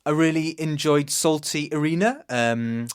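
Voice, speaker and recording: A man's voice: fairly high pitch, measured pace, smooth. Enthusiastic male podcast host. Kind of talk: casual podcast chat and interviewing.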